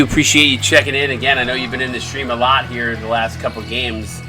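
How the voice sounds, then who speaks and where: Excitable male play-by-play caller. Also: medium pitch, fast talker, few pauses, soft background music. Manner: excitable, shouts on big shots. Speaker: play-by-play commentator and streamer. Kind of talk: live play-by-play commentary.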